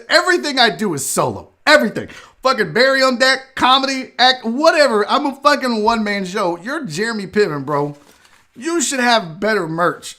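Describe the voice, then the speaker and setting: A comedian from Houston, Texas, hosting his own show, telling a casual story in a profane, animated way and acting out what people said. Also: sits high. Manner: profane, animated ranting with acted-out quotes. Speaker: comedian and podcast host.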